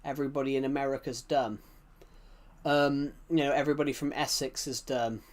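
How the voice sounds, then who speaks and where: A man's voice: mid-range voice, fairly even intonation, brisk. A man with a British accent, chatting casually on a live game stream, rambling and answering chat messages with frequent restarts. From United Kingdom.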